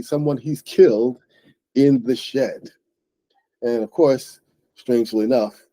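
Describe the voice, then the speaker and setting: A man hosting an English book club, explaining words slowly and plainly to learners and often checking in with "right?". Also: medium pitch, dark tone, no room sound.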